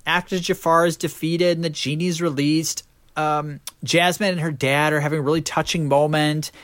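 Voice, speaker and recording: A young man hosting a podcast, joking casually through a movie review with lots of fillers. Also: a little high. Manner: animated, joking rants with fillers. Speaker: podcast host.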